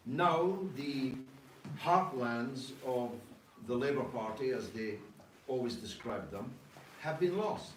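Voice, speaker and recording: A party leader answers questions from an audience in political talk, speaking emphatically and rhetorically with frequent "uh" pauses. His voice is medium-pitched. The recording comes from an echoey room through a distant mic, with faint noise.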